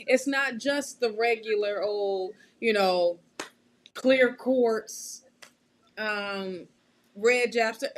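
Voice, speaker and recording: A woman hosting a live tarot reading, chatty and quick to laugh, often checking in with her listeners. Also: a little high. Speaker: tarot reader and show host.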